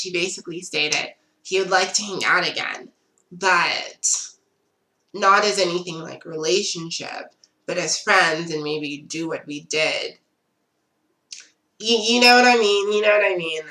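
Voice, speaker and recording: A woman's voice: on the low side, pushed and bright. A young woman telling a casual storytime vlog, chatty and full of "like" fillers. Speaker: vlogger. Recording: roomy echo.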